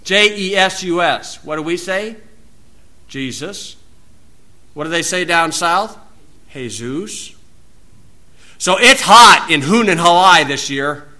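A man's voice: high voice, normal speed, pushed and bright. A man with an American accent giving an informal, folksy Bible teaching outdoors, wandering into asides and rising to emphatic preaching.

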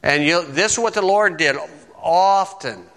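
A man preaching a plain-spoken Bible lesson, talking to his listeners as if chatting and checking in with them often. His voice sits a little high and comes through bright and forceful. It rings out with a long hall echo around it. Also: measured pace. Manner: conversational, folksy, asks "okay?" often. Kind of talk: bible teaching sermon.

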